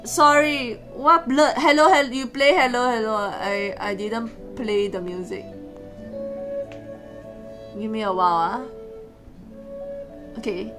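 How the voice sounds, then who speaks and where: A woman streaming casually from a hotel room. She is excitable and giggly, and often repeats words and restarts her sentences. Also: fairly high pitch. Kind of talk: casual live stream chat.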